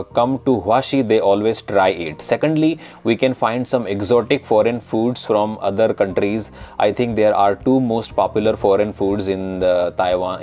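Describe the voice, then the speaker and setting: An Indian-accented man teaching English, reading a passage aloud at a brisk, lilting pace. His voice sits on the lower side, and it jumps up in pitch on each new point. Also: a little mellow. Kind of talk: lesson with read-aloud passage. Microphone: recorded voice-over on screen capture.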